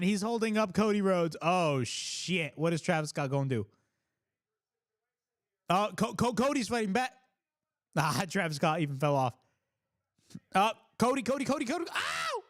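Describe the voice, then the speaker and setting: Excitable high-voiced man reacting live. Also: moderate pace, pauses often. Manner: excitable, blurts exclamations and shouts at big moments; casual, swears freely. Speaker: live stream host. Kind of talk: live wrestling reaction stream.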